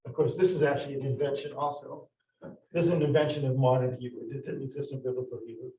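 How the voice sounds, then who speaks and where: A man's voice: mid-range voice, fairly even intonation, fast, dark tone, slight background noise. A man teaching a class at a board, explaining step by step with many restarts and questions to his students. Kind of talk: classroom lesson. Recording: roomy, from far off the mic.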